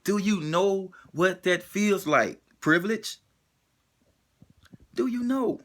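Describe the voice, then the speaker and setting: Impassioned man, lively high voice. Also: slow. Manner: repeats pointed rhetorical questions, emotional, preacher-like cadence. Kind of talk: impassioned spoken monologue.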